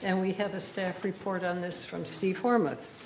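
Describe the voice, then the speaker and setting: A woman's voice: medium pitch, level tone, reverberant, background noise. A woman chairing a community board meeting, calling votes, moving through the agenda and explaining the procedure. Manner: brisk, procedural, explains for viewers.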